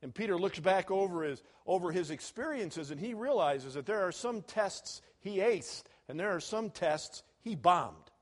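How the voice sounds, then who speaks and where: A man preaching a sermon to students, animated, moving between loud and soft and chuckling at his own jokes. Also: high voice, normal speed, hardly any pauses.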